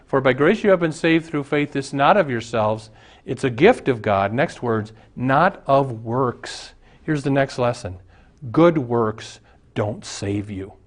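Guy preaching a sermon, mid-pitch voice, tells little stories n jokes, does the voices. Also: expressive, slow. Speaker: pastor.

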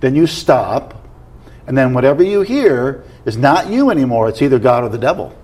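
Man, husky voice, earnest guest teacher. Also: medium pitch, animated, moderate pace, a little mellow. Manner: earnest, explanatory, asks questions to check. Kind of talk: teaching in a conversation.

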